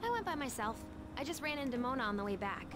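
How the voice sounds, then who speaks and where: An excitable teenage hacker girl in a video game, very high and bouncing all over the place. She sounds eager, and she is heard quietly over game music. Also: fast. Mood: excited.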